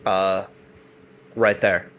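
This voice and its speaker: A man's voice: low-pitched, flat delivery, drawn-out words, fairly bright tone. Brief: man, casual rambling recap, loose and profane, voices quotes now and then. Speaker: commentator recapping a web series.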